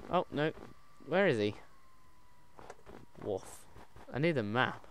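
Excitable man playing a game. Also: medium pitch, normal speed. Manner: excitable, chatty, talks to his pet wolf. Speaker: gaming channel host. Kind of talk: casual gameplay commentary. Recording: loud background noise.

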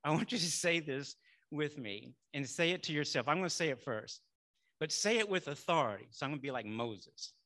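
Guy preaching, chatty, bright tone, kinda high, says y'all a lot. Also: lively intonation, a little fast. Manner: conversational preacher, says y'all, builds to loud affirmations. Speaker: minister. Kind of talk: sermon.

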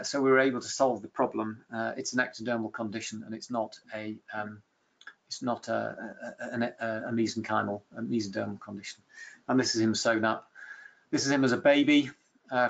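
Gravelly man lecturing in a webinar. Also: mid-range voice, a bit bright, muffled recording. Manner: conversational, hesitant with many fillers and restarts. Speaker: professor giving a webinar lecture. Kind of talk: lecture with clinical case stories.

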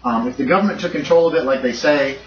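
A man's voice: medium pitch, fast talker. A man running a tabletop horror game as game master, explaining the story in a rambling, self-correcting way. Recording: distant, roomy, dull and noisy. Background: dog barking nearby.

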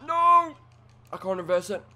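A man giving excitable let's play commentary, trash-talking his opponent and swinging between quiet mutters and sudden yells. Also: on the high side, moderate pace. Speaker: gaming commentator.

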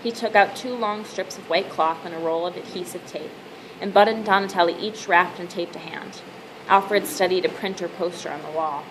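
Woman reading an audiobook, steady, lowish pitch, faint hiss behind. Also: normal speed, rough recording. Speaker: audiobook narrator. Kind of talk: scripted narration.

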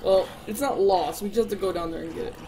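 A man casually chatting while playing a game with a friend, relaxed and laughing at the friend's troubles. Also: high-pitched, quick pace. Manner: laid-back, laughs at his friend. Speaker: gamer host. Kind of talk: casual gaming chat.

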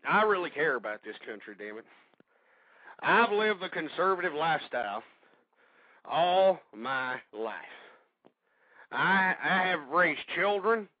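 Older man, talk radio host, husky, out of breath, angry ranting, muffled dry recording. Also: a little high, lively intonation, normal speed, no room sound. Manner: angry shouting tirades, then heavy-breathing grumbling.

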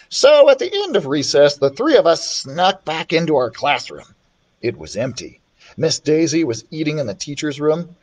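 A man reading a children's chapter book aloud, with an expressive, animated storytelling manner. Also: a little high, normal speed. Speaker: children's librarian reader.

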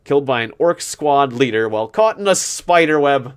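A man's voice: medium pitch, animated, normal speed, clear, resonant tone. A man hosting a gaming video, rambling through casual commentary as he plays, joking at his own expense and often restarting his sentences. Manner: rambling, self-mocking, laughs at his own jokes; thinks aloud with many restarts. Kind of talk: casual let's-play commentary.

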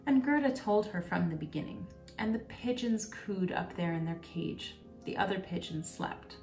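A woman calmly reading a fairy tale aloud as a bedtime storyteller. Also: on the low side, moderate pace, gravelly, few pauses. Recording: roomy, distant, faint music. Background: faint music.

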